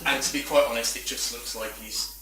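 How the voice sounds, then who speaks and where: A man's voice: medium pitch, fairly even intonation, fairly quick, pushed and bright, a little hiss or hum. A man giving a chatty, self-deprecating talk at a meetup, full of rambling asides. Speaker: conference speaker. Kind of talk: presentation talk. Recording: echoey room from far off.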